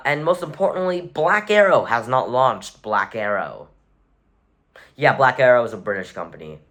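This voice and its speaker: A man's voice: mid-range voice, fairly bright tone. A man giving casual, rambling commentary as a vlogger, with wry sarcastic asides and frequent self-corrections. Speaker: vlogger rating rockets. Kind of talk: casual tier-list commentary.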